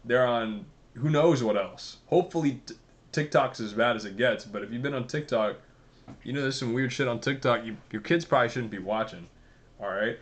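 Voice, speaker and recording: A man talks straight to his viewers in a loose, rambling rant. He is sarcastic and profane, and his voice sits at an ordinary middle pitch. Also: brisk. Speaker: commentary vlogger. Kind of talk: casual ranting commentary.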